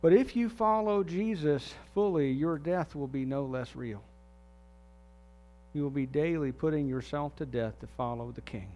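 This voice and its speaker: A pastor delivering a sermon, his male voice sitting a little above the usual pitch. He speaks earnestly and steadily, turning often to ask the congregation direct questions. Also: normal speed, warm tone.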